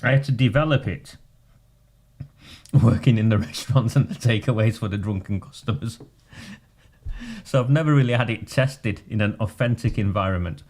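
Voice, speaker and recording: A man's voice: on the low side, moderate pace, long pauses, darkish tone. A man, a local campaigner talking bluntly and combatively in a casual video.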